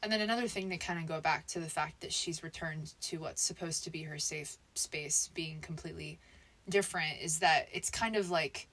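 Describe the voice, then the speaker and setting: A young woman in relaxed podcast conversation, earnest and quick to agree, often starting her sentences over. Her voice sits somewhat low for a woman. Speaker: podcast co-host. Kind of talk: casual chat.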